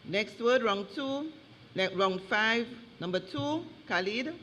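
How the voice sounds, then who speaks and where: A woman reading out words slowly and deliberately as a spelling bee pronouncer, correcting wrong spellings. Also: a little high, animated, a bit bright. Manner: slow and deliberate, drawing out each word. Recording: long hall reverb.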